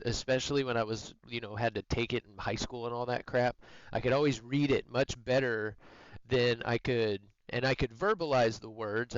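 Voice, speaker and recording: A man chats with his viewers while gaming, drifting from story to story and teasing them along the way. His voice is smooth and resonant at a middling pitch. The sound is dry and a little muffled, like a modest stream mic. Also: no echo. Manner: rambling, joking and teasing with viewers. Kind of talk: casual chat while gaming.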